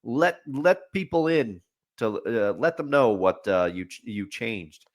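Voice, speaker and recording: Lively-voiced male podcast co-host. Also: mid-range voice, measured pace. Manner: easygoing and jokey. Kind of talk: casual podcast chat.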